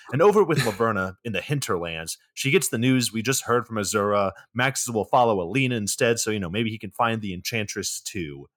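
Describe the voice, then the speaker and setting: Sarcastic male podcast co-host, lowish voice, casual recap delivery. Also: animated, fairly quick, few pauses, fairly bright tone. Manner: sarcastic, swears freely.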